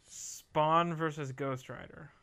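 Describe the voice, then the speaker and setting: Slow, bright-voiced podcast co-host. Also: medium pitch, fairly even intonation, clear, resonant tone. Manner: dry, joking delivery. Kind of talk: casual podcast chat.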